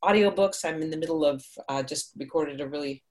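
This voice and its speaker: A middle-aged Hungarian actress and audiobook narrator answers interview questions casually, her voice low and brisk. She's upbeat, digresses freely, and laughs often.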